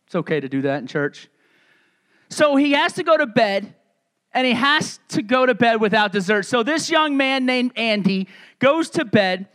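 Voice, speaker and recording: A man's voice: very high voice, fairly bright tone. A middle-aged male pastor preaching a sermon in a conversational, joking manner with frequent asides.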